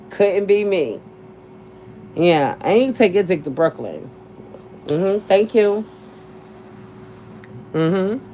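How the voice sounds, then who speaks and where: A woman's voice: on the low side, a little mellow, slight background noise, rough recording. A woman, talking candidly and bluntly in a casual chat, cursing freely and laughing often. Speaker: podcast host.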